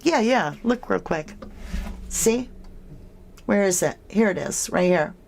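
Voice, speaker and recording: A woman's voice: mid-range voice, animated, slow, creaky, slight background noise. A woman hosting a true crime livestream, chatting casually with viewers in a chatty, emphatic, slightly snarky way. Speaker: true crime channel host. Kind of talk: casual livestream chat reading comments.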